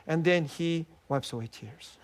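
A middle-aged man preaching a sermon as a pastor, animated and laughing often as he acts out what people say. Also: fairly high pitch, a little slow. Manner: animated, laughs often, quotes himself in little voices.

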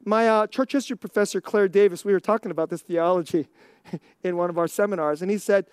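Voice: mid-range voice, quick pace, smooth, dry recording, clean studio sound. A pastor preaching a sermon in a conversational, emphatic way, often laughing and asking the congregation rhetorical questions. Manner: asks the audience rhetorical questions.

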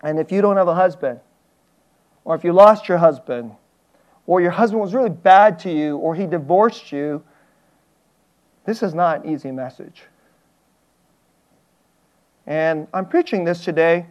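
A man preaching a sermon as a pastor, earnest and animated, often chuckling and stammering as he talks. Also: on the high side, measured pace, long pauses, lo-fi sound.

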